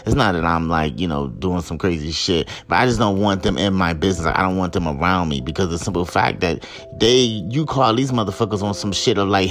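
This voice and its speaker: Angry, profane man ranting low. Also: expressive, a little fast, faint music behind. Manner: heated, profane, rising to shouts of outrage. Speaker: podcast host. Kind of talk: angry solo commentary.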